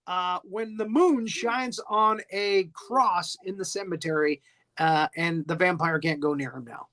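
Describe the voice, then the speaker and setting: A man's voice: high-pitched, pushed and bright. A man hosting a podcast, recapping an old film in a chatty, playful way with frequent giggles. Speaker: podcast host.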